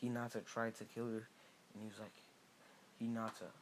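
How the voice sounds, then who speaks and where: A man's voice: on the low side, level tone, fast, slight background noise. A man casually improvising a fan-fiction story aloud, rambling with many restarts and fillers.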